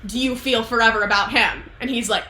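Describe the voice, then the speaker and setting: A woman's voice: on the high side, brisk, roomy sound, loud music behind the voice. A young woman chatting casually, retelling a book plot to a friend, swearing often and acting out the characters' lines. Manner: animated, profane, acts out characters' lines, frequent laughter. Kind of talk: casual chat.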